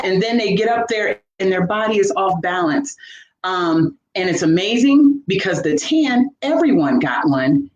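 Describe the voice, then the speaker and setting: A woman, a fitness coach and veteran, telling her personal story in a lively, motivational way during a live interview. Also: medium pitch, moderate pace, highs cut off. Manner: animated, motivational, acts out her own inner voice. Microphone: live video call. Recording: echoey room with faint background noise.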